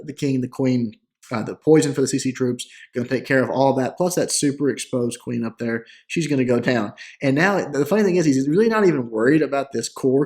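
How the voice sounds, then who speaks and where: Gravelly-voiced man commentating gameplay. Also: medium pitch. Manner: relaxed, chatty, frequent "uh" and restarts. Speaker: gaming channel host.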